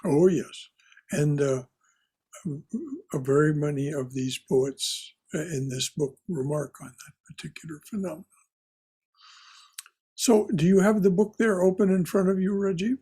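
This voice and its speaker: A man leading an online spiritual class, telling stories and reading poetry slowly with emphasis. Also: fairly high pitch, dark tone, breathy edge. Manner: storytelling, emphatic, slow on poetry. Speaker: class leader.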